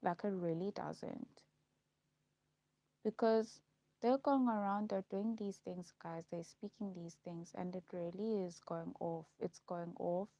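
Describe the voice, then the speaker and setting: Gravelly-voiced woman ranting. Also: fairly low pitch, fairly even intonation, a little slow, mellow, no echo, highs cut off. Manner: rambling and repetitive, circling back on her words. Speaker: vlogger. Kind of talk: casual rant to camera.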